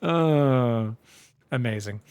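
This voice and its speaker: A man casting a strategy game match solo, excitable and chatty, often calling out to his viewers. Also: medium pitch, drawn-out words, smooth. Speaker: esports caster.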